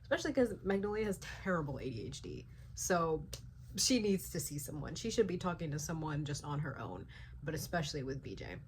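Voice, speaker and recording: A young woman with a low-pitched voice talks casually on her reading vlog, reacting in animated rants peppered with "like" and swearing. A faint hum of room noise sits under her voice. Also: a little fast. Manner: animated, ranting reactions with frequent "like" fillers and swearing. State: sleepy late at night. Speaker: book vlogger.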